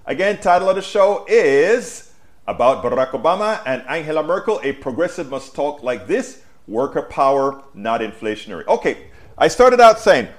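Animated male political talk show host. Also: a little high. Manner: animated, addresses viewers as folks. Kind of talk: live-streamed political commentary. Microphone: wireless mic.

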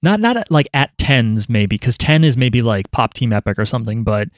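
A man's voice: mid-range voice, animated, moderate pace, no room sound, clean studio sound. A man hosting a podcast, loose and joking, swearing casually. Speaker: podcast host.

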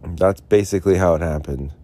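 Drinking beer and somewhat tipsy, a homeless man recording his podcast outside mumbles at points while sarcastically rambling about getting a police ticket in a casual personal story. He speaks a little fast in a low, dark voice.

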